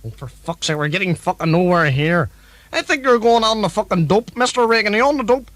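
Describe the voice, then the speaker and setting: A man's voice: high-pitched, expressive, fairly quick, fairly bright tone, no room sound. A man playing a brash, sweary talk show host in a comedy sketch.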